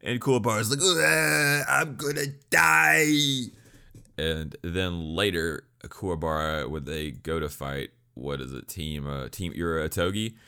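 A man's voice: rumbling low, fairly bright tone, clear, resonant tone. A man rambling casually through an anime review, joking and swearing as he goes.

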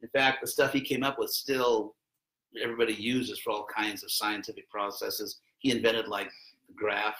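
A man's voice: fairly low pitch, level tone, normal speed, a bit bright, reverberant, rough recording. A man giving an informal classroom lecture in a rambling, conversational way, with wry asides.

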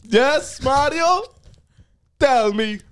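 A man doing a mopey, heartbroken Italian plumber who drags out his words slowly in a hammy put-on Italian accent. His voice runs high and rises and falls a lot. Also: animated, a bit bright, exaggerated voice. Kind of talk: improvised comedy skit.

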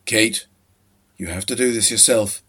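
A man's voice: on the low side, unhurried, fairly bright tone, slightly rough. A man playing a devoted fiancé who speaks firmly and reassuringly, with a touch of cheerful bossiness. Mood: urging. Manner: firm, reassuring and cheerfully bossy.

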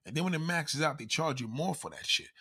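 A man ranting in a loud, profane, comedic style, constantly swearing and acting out quoted voices. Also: a little high, big pitch swings, fairly quick, husky.

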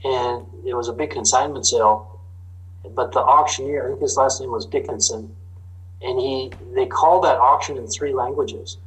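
A man's voice: mid-range voice, steady tone, fairly bright tone, rough recording. A middle-aged man with a Minnesota accent, drawing out his O's as a talkative interview guest telling stories. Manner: talkative storyteller, drawn-out O's. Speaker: guest, farm machinery reporter. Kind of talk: casual interview chat.

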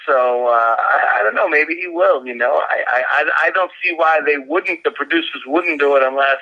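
Bright-voiced man on a lo-fi line. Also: on the high side. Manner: halting, many fillers and restarts. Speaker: podcast co-host. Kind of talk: casual chat.

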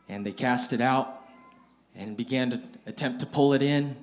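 A man's voice: medium pitch, moderate pace. Plain-spoken man preaching a story sermon. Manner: retells scripture in plain everyday speech, acting out quotes; repeats words and restarts phrases.

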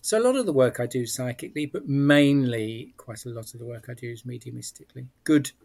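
A man with a British accent speaks in a measured, explanatory way at an ordinary pitch. He restarts his sentences often as he thinks aloud, in a relaxed interview chat. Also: gravelly. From England. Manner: thoughtful, explanatory, frequent restarts. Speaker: psychic medium guest.

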